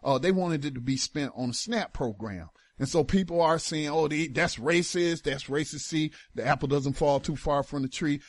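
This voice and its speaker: A man's voice: on the high side, normal speed, few pauses, darkish tone, no room sound. A man hosting a talk radio show, giving emphatic political commentary in casual with slang.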